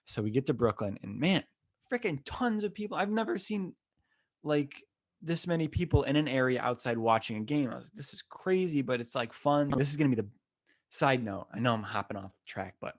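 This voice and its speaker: This solo podcast host, a twenty-something from Western New York, talks a little fast in a medium-pitched voice while spinning an excitable, slang-heavy story that wanders as he gets animated. He's recording from a temporary room instead of his usual space.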